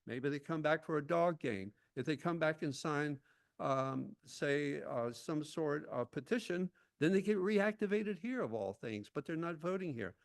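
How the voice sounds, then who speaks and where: Intense gravelly man giving public comment. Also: on the high side, expressive, a little slow. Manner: intense, reading from prepared remarks with asides. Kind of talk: prepared public comment at a town hall.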